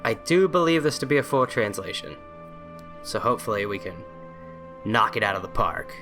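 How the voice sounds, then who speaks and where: Faint music plays behind a young man commenting on a video game in a lowish, expressive voice with a sharp tone and moderate pace. As a let's play host, he reads on-screen text aloud, full of sarcasm and frequent swearing.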